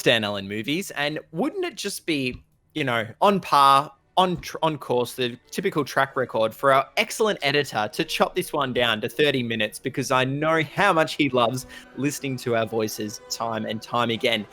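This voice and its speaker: A man's voice: mid-range voice, lively intonation, normal speed, pushed and bright, soft background music. A man co-hosting a film podcast, chatting casually and rattling off playful plugs for the show. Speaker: podcast co-host.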